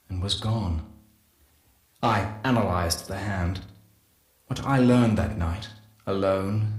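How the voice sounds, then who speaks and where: A man playing a solemn male scientist who records a measured, reflective confession in a game audio log. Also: on the low side, reverberant, close to an everyday voice. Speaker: morphology specialist.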